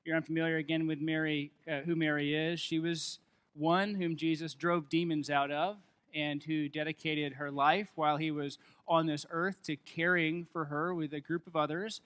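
A man preaching a sermon, reading scripture and building to loud, emphatic stretches. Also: fairly high pitch, little pitch movement, moderate pace, clear, resonant tone.

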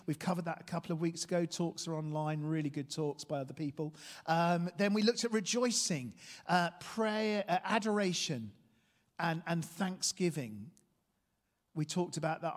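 A man preaching a sermon, telling a story with lively energy and asking his listeners questions. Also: on the high side. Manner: animated storytelling, asks the room questions. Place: church hall. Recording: long hall reverb.

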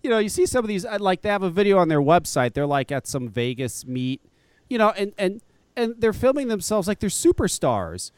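A man's voice: sits high, big pitch swings, a little fast, no echo. A man hosting a podcast, talking in casual, profane and scornful rants that often break into laughter. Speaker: podcast host. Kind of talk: casual ranting chat.

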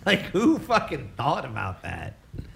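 Lively, gravelly, high-voiced man. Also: measured pace, a little hiss or hum. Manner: joking, swearing, animated reactions. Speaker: podcast co-host and audio editor. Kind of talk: casual chat.

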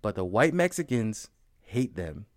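Young man from the Bay Area, low-pitched, rambling and profane, casual chat, dry close sound. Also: big pitch swings, a little slow, dry recording. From San Francisco Bay Area. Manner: rambling, profane, many "you know what I'm saying".

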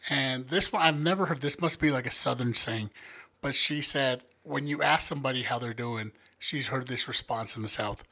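A man's voice: medium pitch, normal speed, sharp tone. Laid-back, slangy man podcaster. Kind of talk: casual profane chat.

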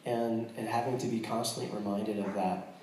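A man's voice: lowish voice, steady tone, normal speed, a little mellow, far from the mic, slight background noise. American man sharing in an echoey hall. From United States. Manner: earnest and joking, with frequent restarts. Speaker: missionary speaking to a church. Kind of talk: casual testimony to a congregation.

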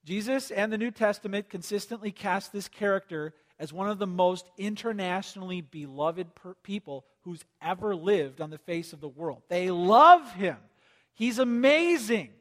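A man preaching a sermon as pastor, animated and lively, asking the audience to take notes. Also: high-pitched, normal speed, in a large hall. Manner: animated, acts out quoted voices, asks the audience to take notes.

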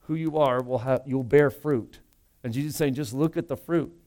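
Male pastor, mid-pitched and resonant, preaching emphatically in a casual, talky way. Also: moderate pace, a little mellow. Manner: conversational and emphatic, with frequent rhetorical asides. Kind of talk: sermon.

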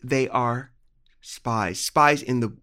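A man's voice: medium pitch, takes it slowly, pushed and bright. A man co-hosting a podcast, gossiping casually about a TV show and swearing now and then. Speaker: podcast co-host. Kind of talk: casual chat.

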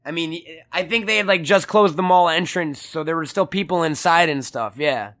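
A man's voice: fairly high pitch, moderate pace, fairly bright tone. A man co-hosting a casual audio podcast, joking, swearing freely and acting out quotes in silly voices. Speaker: podcast co-host. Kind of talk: casual chat. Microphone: studio mic, audio-only podcast.

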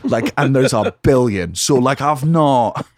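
A man, a comedian guest on a podcast, telling a story in a lively, profane, casual way. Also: mid-range voice, unhurried, no echo, studio quality. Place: home podcast studio.

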